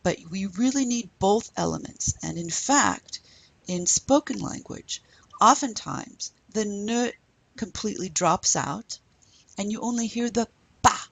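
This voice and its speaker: A middle-aged woman teaching a recorded French lesson, patiently explaining step by step and saying French phrases slowly for her students. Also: mid-range voice, lively intonation, creaky, husky, poor audio.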